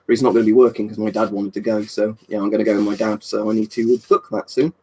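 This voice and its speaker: Sweary, husky streamer. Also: male voice, lowish voice, little pitch movement, fast, warm tone. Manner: rambling, swears a lot, reads and answers chat. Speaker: live streamer. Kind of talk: casual live-stream chat.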